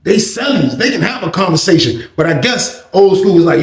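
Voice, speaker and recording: A man tells a prison story with animated, profane energy and lots of acted quotes. His voice is gravelly and a bit high. The room sounds echoey. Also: a little fast. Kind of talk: casual storytime.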